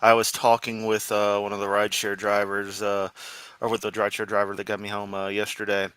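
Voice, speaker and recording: A man from Memphis with a Southern accent, riffing sarcastically and goofily on a livestream. His voice is bright and forceful, and the recording is dry and close to the mic. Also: on the low side, monotone, a little fast, smooth, no room sound. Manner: sarcastic, goofy, profane. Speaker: streamer host. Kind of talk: casual livestream commentary.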